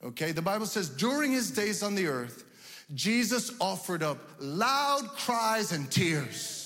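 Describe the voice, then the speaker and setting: A male pastor preaching a sermon, building to loud shouted emphasis, in a church. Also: high-pitched, big pitch swings, unhurried. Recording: long reverb of a church hall.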